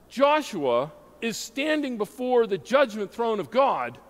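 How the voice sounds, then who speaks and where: A man's voice: high voice, fairly bright tone. A man preaching a sermon, emphatic and asking his listeners questions as he teaches. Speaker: pastor. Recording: hall reverb.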